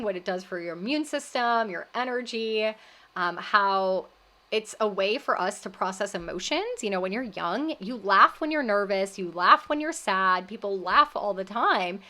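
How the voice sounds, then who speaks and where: Animated female wellness host with a crisp, bright tone and a middle-range pitch who recounts a story casually. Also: moderate pace. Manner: animated, acts out quoted voices.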